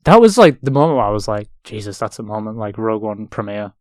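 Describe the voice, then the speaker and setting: A young man in his twenties with an English accent, chatting as a guest and telling anecdotes with loud, laughing impressions of the people he met. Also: lowish voice, quick pace, dry recording, studio quality. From England. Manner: animated, acts out quotes loudly with laughter. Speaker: actor guest. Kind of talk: casual storytelling chat.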